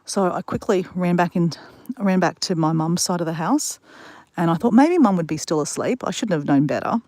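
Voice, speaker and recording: A woman's voice: on the low side, lively intonation, normal speed, darkish tone, no room sound. A woman live-streaming outdoors in the bush, rambling through stories and talking straight to her chat. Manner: chatty, rambling storyteller talking straight to viewers. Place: outdoors in the bush beside water.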